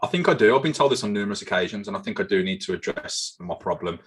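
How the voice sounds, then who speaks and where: A man's voice: on the low side, lively intonation, quick pace, breathy edge. A man co-hosting a casual podcast and reading out quiz questions, swearing and joking, often repeating himself. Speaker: podcast co-host, quizmaster. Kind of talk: casual chat.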